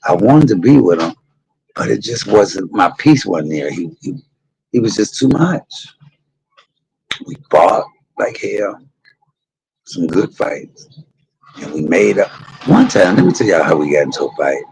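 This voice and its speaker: Deep gravelly man, gossipy storyteller. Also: normal speed, rough recording. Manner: candid, salty, gossipy with animated quoted voices. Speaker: live stream host. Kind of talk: casual storytelling to a live audience.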